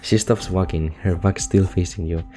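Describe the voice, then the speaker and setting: Deep-voiced young man reading stumblingly. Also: steady tone, moderate pace, warm tone, faint music behind. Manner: stumbles and restarts while reading, laughs and swears often. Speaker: gamer reading game text aloud. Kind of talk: casual gameplay commentary, reading text aloud.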